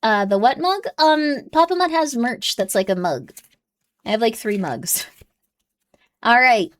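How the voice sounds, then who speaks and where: Streamer, young woman, slightly high-pitched, loose and rambling live chat. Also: expressive, unhurried. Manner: chatty, rambling, coos at her cat in a high baby voice.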